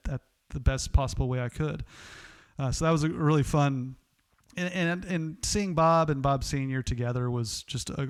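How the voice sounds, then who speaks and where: A man with an Oklahoma accent, a podcast host telling stories in a casual, animated way. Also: medium pitch, clear, resonant tone. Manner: animated, lively storyteller with laughs and restarts.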